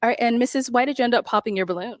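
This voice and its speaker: A woman's voice: on the high side, very fast, dry recording, clean studio sound. A woman hosting a dating show, asking contestants questions and giving brief encouraging replies. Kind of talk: interview questions.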